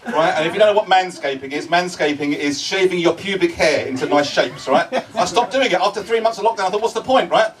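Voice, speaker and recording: A man's voice: high-pitched, expressive, fast talker, hardly any pauses, distant mic. An older man doing a stand-up comedy set, chatty, repeating his phrases and checking in with the crowd. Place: comedy club stage before a laughing audience.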